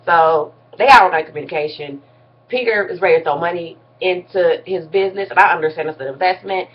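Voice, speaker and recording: A woman's voice: lowish voice, fairly quick, muffled recording. A woman vlogger giving a casual, blunt and slangy recap of a reality TV episode, with some mild cursing.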